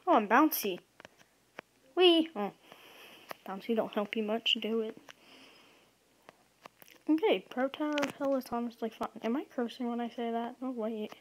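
A woman giving casual, self-mocking commentary while playing a video game, quick to get excited. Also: on the high side, a little hiss or hum, poor audio. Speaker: gaming video creator.

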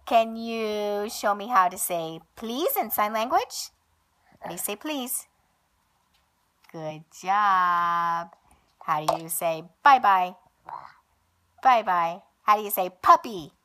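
Woman doing slow singsong baby talk at her toddler, home video vibe. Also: mid-range voice, lively intonation, fairly bright tone. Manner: sing-song, coaxing baby talk. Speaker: parent coaxing a toddler. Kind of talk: home video chat with a small child.

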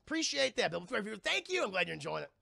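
Man, excitable livestream movie recap, profane, frequent restarts, very gravelly voice, high pitch. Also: fast talker, no echo, studio quality. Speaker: streamer and movie reviewer. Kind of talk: casual livestream commentary.

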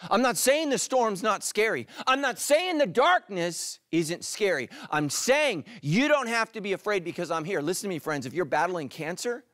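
A middle-aged male pastor preaching a sermon, animated, swinging from loud emphatic peaks to hushed, quiet lines. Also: high-pitched, normal speed, hardly any pauses, no room sound, clean studio sound. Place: church stage.

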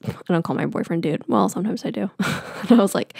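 Young woman podcast host, gravelly fry, dry close sound, chatty storyteller who swears. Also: fairly low pitch, big pitch swings, a little fast, a little mellow, dry recording. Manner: chatty, swears, many fillers and restarts. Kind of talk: casual storytelling.

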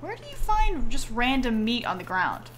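A woman streaming a game, chatting casually and getting excited at cute things. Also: a little high, moderate pace, a little hiss or hum. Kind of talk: casual gaming chat.

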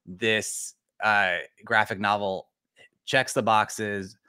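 Male interviewer, low and sharp-toned, excited, restarts his sentences a lot. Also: very slow, smooth. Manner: enthusiastic, stammering restarts. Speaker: podcast host. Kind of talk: casual interview.

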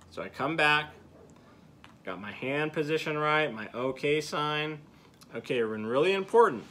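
Bright-voiced man coaching duck calling. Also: a little high, a little hiss or hum. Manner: patient step-by-step coaching, frequent "okay" check-ins. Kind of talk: hands-on teaching demonstration.

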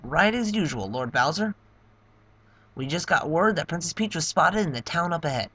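An old witch servant flatters her lord eagerly, as a man puts her on. The voice is bright and pushed louder than his plain talk. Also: fairly high pitch, moderate pace, no echo, pitched above the performer's own voice. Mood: fawning.

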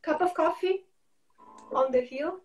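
A woman's voice: high voice, measured pace. A woman teaching a ballet class, calling out counts and steps in short phrases. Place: dance studio. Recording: roomy studio, far from the mic, music behind.

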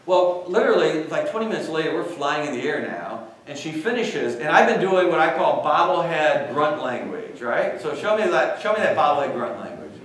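A man giving a university talk, telling an anecdote with animated delivery and questions tossed to the audience. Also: a little high, moderate pace, few pauses. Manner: animated storytelling, quizzes the audience. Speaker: guest speaker. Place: large lecture hall. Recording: echoey hall, far from mic.

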